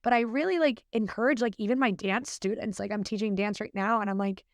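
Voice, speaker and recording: A woman's voice: medium pitch, no room sound, clean studio sound. Chatty, earnest young woman. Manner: chatty, earnest, fast with many fillers. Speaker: podcast guest. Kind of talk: casual podcast interview.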